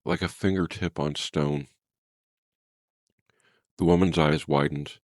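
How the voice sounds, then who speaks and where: A man's voice: extremely low pitch, steady tone, measured pace, pauses often, dry recording, studio quality. A man reading a first-person horror story in a grave, tense, dramatic way.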